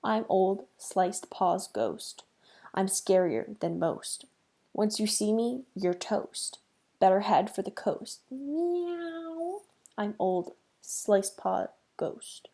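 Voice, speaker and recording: A woman voicing the ghost of an old male cat in a storybook reading, chanting slowly with drawn-out meows. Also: medium pitch, lively intonation, dark tone, breathy edge, full character voice. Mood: menacing. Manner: slow, drawn-out chanting rhyme.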